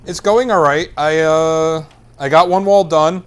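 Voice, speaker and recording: A man's voice: fairly high pitch, fairly even intonation, a little slow, clear, resonant tone. A man hosting a casual talk show, bantering with a co-host in a teasing, joking way. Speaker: podcast host. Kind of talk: casual chat.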